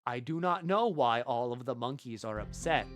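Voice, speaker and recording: A man's voice: mid-range voice, lively intonation, moderate pace, dry recording, clean studio sound, faint music behind. A man streaming a colony game live, chatting casually with his viewers, answering their questions and swearing freely. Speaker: gaming streamer.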